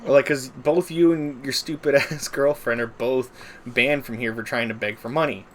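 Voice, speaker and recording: A man's voice: medium pitch, fairly even intonation, moderate pace, a bit bright, slight background noise. A man streaming a game, telling a long story casually, with lots of filler words and swearing. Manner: rambling, filler-heavy, profane. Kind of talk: casual storytelling while gaming.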